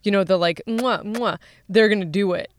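A woman co-hosting a casual podcast in a teasing, playful way. Her voice is smooth and clear, recorded close and dry. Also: medium pitch, steady tone, fast talker, no echo. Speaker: podcast co-host. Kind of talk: casual chat.

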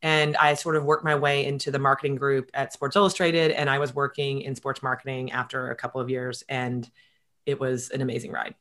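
A middle-aged woman telling stories in a casual interview, animated and quick, with many fillers. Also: a bass voice. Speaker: guest.

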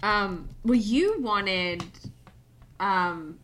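A woman's voice: medium pitch, animated, fairly bright tone, a little hiss or hum. A woman co-hosting a book podcast, retelling a story in casual chat with many fillers. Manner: drawn-out, filler-heavy retelling. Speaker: podcast co-host.

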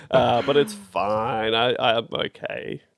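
An Australian man co-hosting a podcast in casual chat, teasing in deadpan banter and often trailing off quietly. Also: medium pitch, takes it slowly, creaky, no room sound, clean studio sound. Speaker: podcast co-host.

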